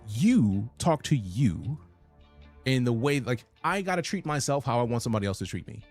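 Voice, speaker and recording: Male game streamer, casual and profane chat, lively animated pitch, faint music underneath. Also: moderate pace. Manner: casual, profane, reads chat messages aloud.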